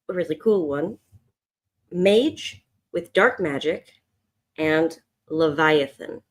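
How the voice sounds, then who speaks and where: Art teacher, woman, lowish voice, loose chatty delivery while she sketches live. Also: lively intonation, slow pace, pauses often. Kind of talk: casual live drawing stream.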